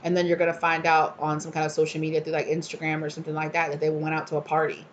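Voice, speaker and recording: A woman's voice: low voice, completely flat delivery, rapid-fire, lo-fi sound, a little hiss or hum. A woman giving a casual tarot reading, chatting freely and acting out the people she describes in exasperated voices. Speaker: tarot reader.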